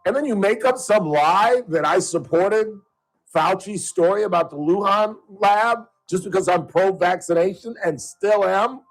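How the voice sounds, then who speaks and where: A man's voice: sits high, unhurried, low-quality recording. A man hosting a call-in talk radio show, ranting at a caller in a heated, sarcastic way.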